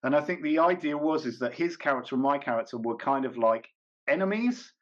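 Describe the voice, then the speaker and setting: In an interview, a man who is a comedian and actor talks casually and hesitantly, rambling with lots of fillers, restarts, self-corrections, and frequent small laughs. His voice is on the high side, animated, and fairly quick, captured in a dull lo-fi recording.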